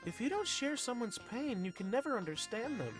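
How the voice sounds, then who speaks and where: A stern, demanding young woman from a video game, pitched high and swinging wildly in tone, as a man puts her on. She scolds and lectures in a loud, preachy way. Faint music runs behind her. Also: very animated, fairly quick. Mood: bossy.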